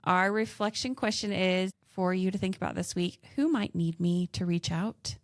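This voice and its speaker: A woman's voice: lowish voice, moderate pace, dry recording, clean studio sound. Earnest Southern woman podcast host. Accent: Southern American. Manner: earnest, encouraging, giggly in bloopers. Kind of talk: casual podcast chat with faith reflection.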